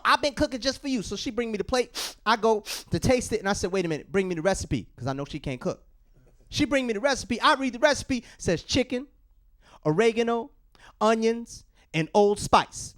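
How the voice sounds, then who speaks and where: A man doing a stand-up routine in a small studio, telling stories and acting out the voices of people in them. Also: very high voice. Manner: animated storytelling with acted-out voices. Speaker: stand-up comedian. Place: small comedy studio stage.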